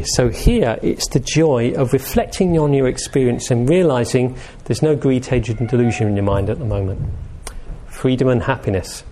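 A man giving an informal talk on meditation, gentle and conversational, often asking his listeners questions. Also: medium pitch, moderate pace. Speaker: meditation teacher.

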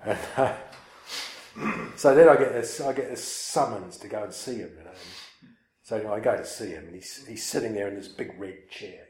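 A man with a low-ish, slightly mellow voice talks fairly quickly, telling listeners a personal story casually. He rambles and mocks himself, using many fillers and restarts, in an echoey room.

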